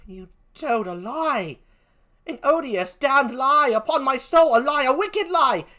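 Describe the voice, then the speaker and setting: A man's voice: high-pitched, slow pace, a bit bright, pitched above the performer's own voice. An older man voicing a loyal, outspoken woman servant who cries out in outrage, in a one-man Shakespeare reading. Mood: outraged.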